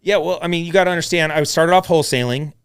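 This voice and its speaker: A man telling his story as a podcast guest, blunt and animated, swearing freely as he talks. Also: a little high, quick pace, clear, resonant tone. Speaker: podcast guest, real estate investor. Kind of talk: casual storytelling chat.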